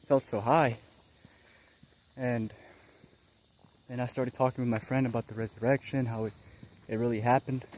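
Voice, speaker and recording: A young man casually telling a spiritual experience, rambling and excitable, full of fillers and slang. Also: medium pitch, slight background noise. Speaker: vlogger.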